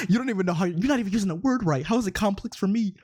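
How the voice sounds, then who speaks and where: A man's voice: high-pitched, animated, racing, darkish tone. A man giving an exasperated, profane rant as commentary on online posts, repeatedly incredulous. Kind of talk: ranting commentary on social media posts.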